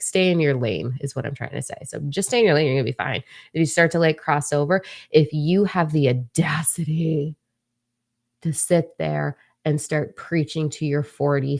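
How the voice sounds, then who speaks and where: A woman's voice: sits low, vocal fry, no echo, clean studio sound. A woman giving a casual spiritual forecast to camera, blunt and profane, with joking asides and whispered remarks to herself.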